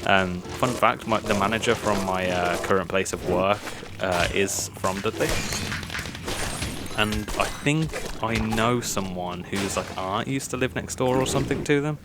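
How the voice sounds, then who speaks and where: A man's voice: fairly low pitch, measured pace, loud music behind the voice. A young man, talking casually over gameplay in a rambling, hesitant way, full of fillers. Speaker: gaming YouTuber. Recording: steady background noise.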